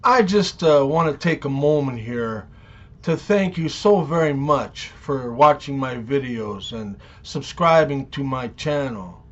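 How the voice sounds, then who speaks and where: A man hosting a comedy channel, telling scripted jokes and one-liners in deliberate setups with pauses before each punchline. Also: mid-range voice, expressive, a bit bright, muffled recording.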